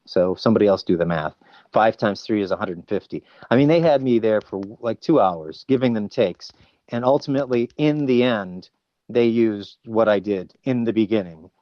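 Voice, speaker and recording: A voice actor appears as a guest in a casual podcast interview. His lowish voice moves at a normal speed, and the recording is muffled but has no echo. He tells stories with energy, an animated storyteller who now and then drops into character voices.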